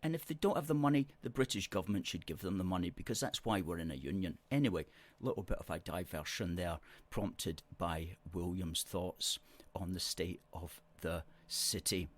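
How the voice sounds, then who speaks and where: A man's voice: low-pitched, normal speed. A man hosting a live stream, reading out viewer comments and answering them with emphatic, repeated words. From Scotland. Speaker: host.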